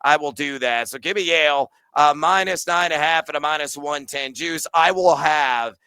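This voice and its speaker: Bright-voiced, energetic betting podcast host. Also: male voice, on the high side, clean tone, no room sound. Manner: fast, energetic, stat-heavy. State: out of breath. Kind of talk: sports betting chat.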